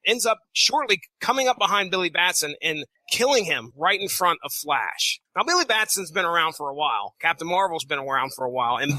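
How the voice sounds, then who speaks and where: A man on a podcast retells a comic story with lively energy. His voice sits high and sounds very bright. The close mic makes it dry. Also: no echo, rough recording. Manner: animated storyteller, fillers and restarts. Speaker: podcast co-host summarizing a comic. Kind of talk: casual podcast recap.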